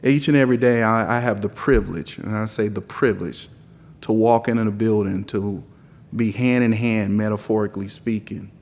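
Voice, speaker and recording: A low-pitched man with a softened Southern drawl delivers a rousing opening speech at a lectern. He stacks his points into repetitive, building lists. His voice rings out with the long reverb of a big conference hall. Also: fairly even intonation, normal speed. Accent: mild Southern US drawl. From South Carolina. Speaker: conference speaker giving opening remarks. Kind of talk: impassioned keynote speech.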